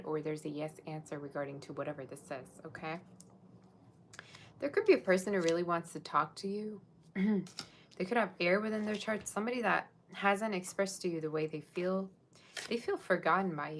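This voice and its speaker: A woman's voice: lowish voice, slight background noise. A woman giving a casual live-streamed tarot reading, chatting straight to her viewers in a musing, tentative way. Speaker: tarot reader.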